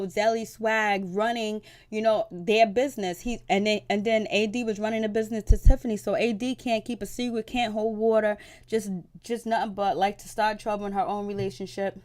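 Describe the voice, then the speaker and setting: A woman hosting a casual recap, retelling the show's events in a chatty way full of slang and playful asides. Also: medium pitch. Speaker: TV recap host. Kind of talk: casual chat recapping a reality show.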